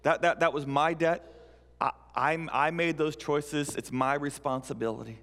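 A man's voice: a little high, fairly even intonation, moderate pace, fairly bright tone. A man voicing a guilt-ridden, indebted male coworker who stammers and blames himself. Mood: protesting. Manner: stammering, self-blaming. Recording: reverberant hall.

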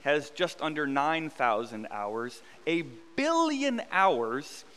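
Bright, clear-voiced pastor in a reverberant church. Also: male voice, a little high, big pitch swings, takes it slowly. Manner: conversational, self-deprecating humor, repeats phrases for emphasis. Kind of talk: sermon. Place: church sanctuary.

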